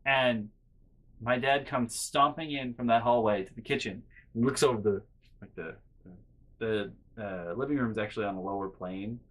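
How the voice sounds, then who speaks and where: A young man vlogging, telling a casual, rambling story full of restarts and quiet muttered asides. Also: fairly low pitch. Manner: rambling, self-interrupting with fillers and restarts.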